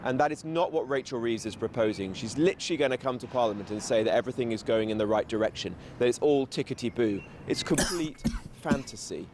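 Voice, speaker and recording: A man appearing as a politician guest on a radio show, laying out his case in steady, rhetorical lists. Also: medium pitch, quick pace, hardly any pauses, a little hiss or hum. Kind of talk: political talking points.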